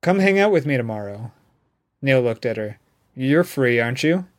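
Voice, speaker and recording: A man reading an audiobook, voicing a male friend who teases and then reproaches, at an everyday mid pitch. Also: lively intonation, normal speed, close to an everyday voice. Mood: reproachful. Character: needy teasing male friend, wants attention. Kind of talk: audiobook dialogue.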